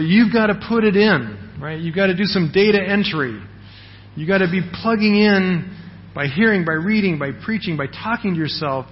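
Male pastor, conversational sermon delivery, slightly high pitch, muffled recording. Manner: conversational, frequent "right?" check-ins.

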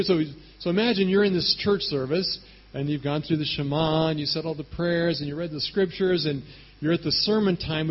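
A man preaching a sermon, telling the story in a casual, animated way and often checking in with "right?". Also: a little high, breathy edge, highs cut off. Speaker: pastor.

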